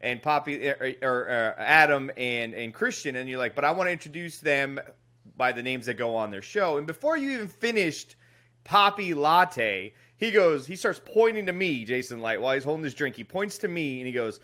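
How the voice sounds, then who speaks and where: A male podcast co-host in casual chat, telling an animated story and swearing freely. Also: mid-range voice, moderate pace.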